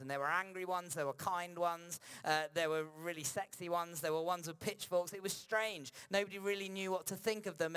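A male pastor preaching a sermon in a church, moving between lively emphasis and slow, hushed reflective passages. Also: a little high, smooth.

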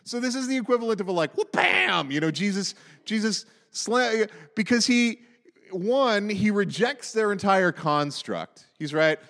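Conversational preacher in a reverberant hall. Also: male voice, high-pitched, measured pace, gravelly. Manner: conversational, animated storytelling with asides. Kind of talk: sermon.

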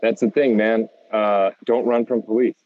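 A man's voice: on the low side, steady tone, moderate pace, narrow, tinny audio. A young American man co-hosting a casual podcast, laid-back and saying "dude" a lot. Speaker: podcast co-host.

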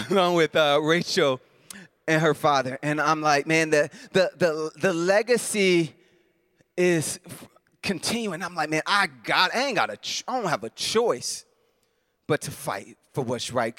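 A man preaching a heartfelt sermon in a voice that sits a little higher than most men's. He stumbles over and restarts his phrases, chuckles between thoughts, and drifts from hushed, low passages into loud, fervent bursts. The sound is close and dry, with no room echo. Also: moderate pace.

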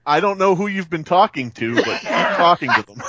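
A man's voice: high-pitched, animated, moderate pace, a loud crowd. A man guesting on a podcast who chats casually and trades dry, self-mocking quips.

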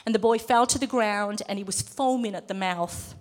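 A middle-aged woman preaching a sermon in a church room, lively and emphatic as she quotes scripture. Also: mid-range voice, normal speed. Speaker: lay preacher.

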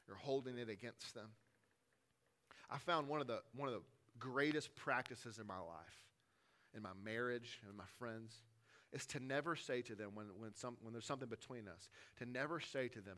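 Pastor in his thirties, bright forceful voice, emphatic yet chatty sermon delivery, loud then hushed. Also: mid-range voice. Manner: conversational, emphatic preaching, swinging between forceful and hushed.

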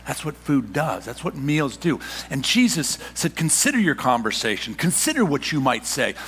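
A middle-aged man preaching a sermon as a pastor, animated and exclamatory, often stammering and repeating words as he presses his points. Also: medium pitch, normal speed, slightly rough, big-room sound.

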